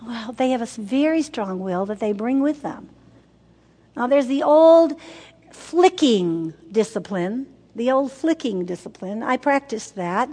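A woman's voice: a little high, animated, measured pace, dark tone. An older woman speaking to a group of mothers, emphatic and repetitive, asking the audience questions. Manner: emphatic, repeats words for effect, asks the audience questions. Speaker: women's ministry speaker. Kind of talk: teaching talk to mothers. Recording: long hall reverb.

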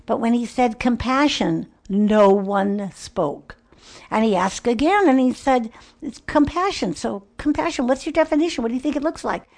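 A woman's voice: on the high side, vocal fry. An older woman giving a devotional talk in an earnest, reflective way. She sometimes drops to a near whisper. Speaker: Christian speaker.

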